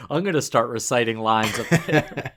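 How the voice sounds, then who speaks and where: Relaxed podcast co-host man, laughing easily. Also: mid-range voice, slight background noise. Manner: relaxed, laughs often, filler-heavy. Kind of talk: casual chat.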